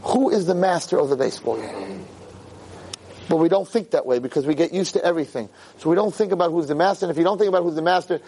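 A man's voice: fairly high pitch, rough recording. A man giving a Torah lecture as a rabbi, telling stories in an emphatic, rambling way. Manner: animated, emphatic, rambling storyteller.

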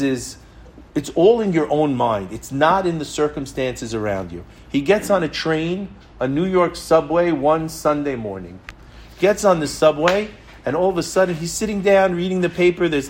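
Rabbi giving a sermon. Man with a raised-pitch voice, emphatic and repetitive storyteller. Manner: emphatic, with repetition and rhetorical questions.

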